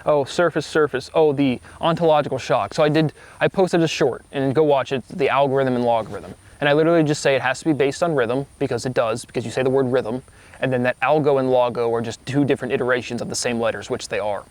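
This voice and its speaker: A man's voice: mid-range voice, fast talker, a little mellow. Guy rambling to camera, super sure of himself, loses his thread and picks it back up, breaks words into syllables, mid-range voice. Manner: meandering, self-assured, trails off and restarts; spells out words and syllables to make points. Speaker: vlogger.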